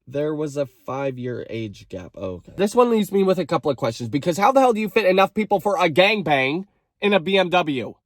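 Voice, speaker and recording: A man's voice: a little high, sing-song, brisk, no room sound, clean studio sound. A young adult man from Canada hosting a casual comedic storytime, reading out viewers' stories with sassy asides and mock outrage. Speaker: storytime creator.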